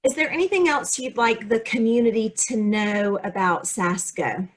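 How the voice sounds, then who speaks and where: A woman's voice: fairly high pitch, moderate pace. A woman interviewer asking a brief, plain question. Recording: roomy echo, from off mic.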